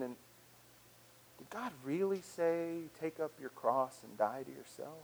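Earnest man preaching, slightly high voice. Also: animated, unhurried, vocal fry, rough recording. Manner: earnest, conversational preaching with frequent restarts. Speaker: pastor. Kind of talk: sermon.

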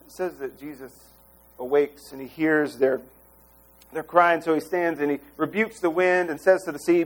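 A man preaching to his congregation in a somewhat high voice. He is animated and expressive, slipping into the voices of the figures he quotes. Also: a little fast. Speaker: pastor. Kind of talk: sermon.

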